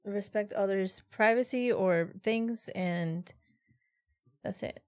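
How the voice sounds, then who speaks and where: A woman's voice: medium pitch, slow, smooth, no room sound, clean studio sound. A woman co-hosting a casual podcast who gives blunt, opinionated verdicts. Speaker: podcast co-host. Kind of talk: casual chat.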